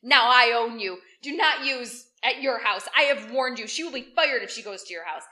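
A woman acting out a furious, swearing drunk man yelling down a phone line in a podcast re-enactment. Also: fairly high pitch, moderate pace. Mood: raging. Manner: shouting, swearing, snarling.

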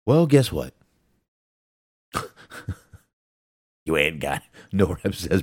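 A man's voice: deep voice, very animated, very slow, pauses often, husky, no echo, clean studio sound. A man co-hosting a wrestling podcast in casual chat, blunt and profane, laughing often. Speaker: podcast co-host.

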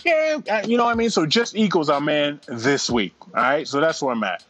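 Man, podcast co-host, casual profane banter, fairly high voice, very lively pitch, faint background hiss. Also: a little fast. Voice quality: profane, laughing, rambling banter. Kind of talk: casual podcast chat reading listener emails.

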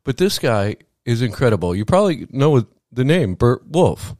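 A man co-hosting a weekend radio show, chatty and excitable, stumbling over his words at times. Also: medium pitch, normal speed, no echo, clean studio sound. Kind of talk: casual radio chat. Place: small home studio. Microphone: studio mic.

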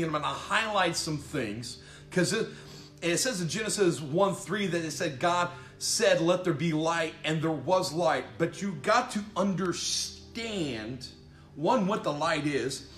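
A high-voiced man preaching with fiery emphasis, stacking repeated phrases and urging his listeners on. His voice rings in a roomy, echoing space, with soft music playing underneath. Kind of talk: sermon. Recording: echoey room with faint music behind.

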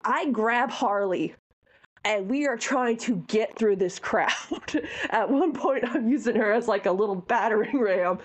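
A woman co-hosting a podcast in casual chat, an animated and heartfelt storyteller. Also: on the high side, a little slow. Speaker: podcast co-host.

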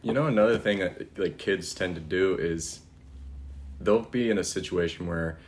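Young man with a very deep voice. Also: normal speed. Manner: laid-back storytelling, says dude a lot. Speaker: podcast co-host. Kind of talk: casual faith chat.

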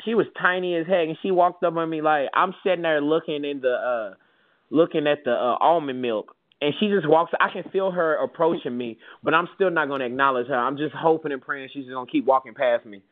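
A man telling a story in casual chat as a podcast co-host, animated and swearing, mimicking people. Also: fairly high pitch, fairly quick. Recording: tinny phone-like audio.

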